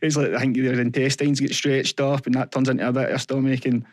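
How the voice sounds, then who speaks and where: In a candid personal interview, a young adult Scottish man appearing as a podcast guest recounts events in an earnest, halting way, quoting others as he goes. His pitch stays fairly level, and the recording is close and dry, with no surrounding room.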